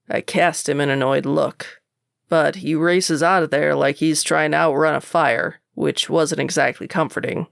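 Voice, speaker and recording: Woman narrator, gravelly, sardonic first-person audiobook read, dry. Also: sits low, steady tone, unhurried, dry recording.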